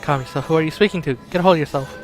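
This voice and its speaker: A man voicing a gentle woman who calms a frightened man, soft and slow. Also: on the high side, soft background music, pitched above the performer's own voice, lightly acted. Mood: soothing.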